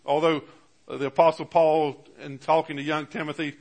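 A man's voice: fairly high pitch, level tone, normal speed, gravelly, darkish tone. A man preaching a sermon as pastor, with emphatic rises on key words and many fillers and restarts. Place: church.

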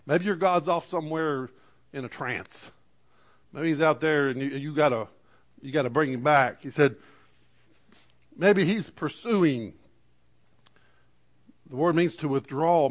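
A man preaching to a congregation, reading scripture dramatically with lively asides and stammered restarts. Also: mid-range voice. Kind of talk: sermon. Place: church in front of a congregation.

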